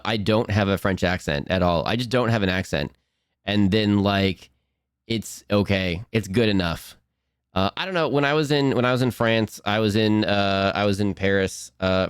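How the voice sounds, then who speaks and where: A young man, a streamer rambling casually to his chat, self-mocking and quick to laugh. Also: mid-range voice, clean tone, dry recording, studio quality.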